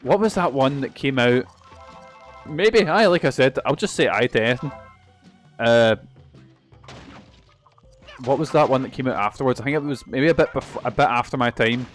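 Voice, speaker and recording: A man's voice: mid-range voice, normal speed, long pauses. Young man, game streamer, casual rambling commentary, frequent swearing, self-mocking, faint game music. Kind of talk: casual let's-play commentary.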